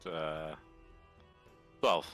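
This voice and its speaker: A man's voice: rumbling low, fairly even intonation, very slow, a bit bright, soft background music. A man playing a tabletop game in an easygoing way. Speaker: player. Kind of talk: in-character tabletop play.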